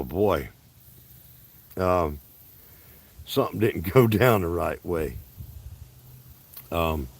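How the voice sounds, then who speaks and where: Slight background noise accompanies this low, vocal-fry voice. It belongs to a Southern-accented Alabama livestream host chatting casually outdoors in a park, folksy and rambling, frequently interrupting himself.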